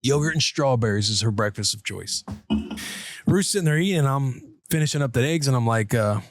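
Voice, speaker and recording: Animated dad telling a home story. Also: male voice, moderate pace, no room sound, studio quality. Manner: animated, acts out quotes in higher voices. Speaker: podcast co-host. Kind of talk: casual storytelling chat.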